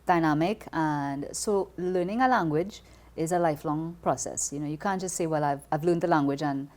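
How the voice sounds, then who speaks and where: A woman with a Trinidadian accent, talking as an interview guest in an expressive, conversational way, often repeating words as she starts a thought. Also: sits low, normal speed. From Trinidad and Tobago.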